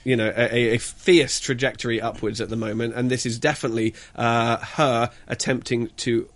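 A man reviewing a film in casual radio chat, halting and stumbling as he searches for words. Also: medium pitch, steady tone, a bit bright. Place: radio studio.

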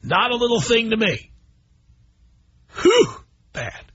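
A middle-aged man hosting a call-in radio show, blunt and animated as he tells stories to his listeners. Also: very high voice, takes it slowly, slightly rough, dry recording. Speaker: radio talk show host. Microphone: studio microphone. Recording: dull broadcast audio.

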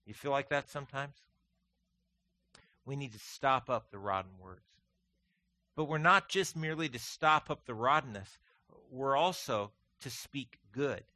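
A man preaching a sermon to his congregation, folksy and animated, mixing stories and humor with scripture. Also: mid-range voice, unhurried, dry recording. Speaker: pastor.

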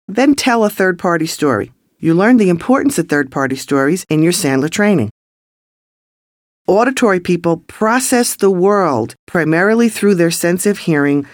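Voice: mid-range voice, no room sound, clean studio sound. A sales trainer giving coaching tips in an emphatic, scripted voice-over.

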